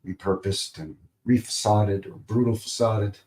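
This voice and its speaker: Male streamer, low-pitched, loose rambling chat, playful noises. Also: measured pace, a little mellow. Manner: rambling, playful, makes goofy sound effects. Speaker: livestream host. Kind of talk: casual live-stream chat.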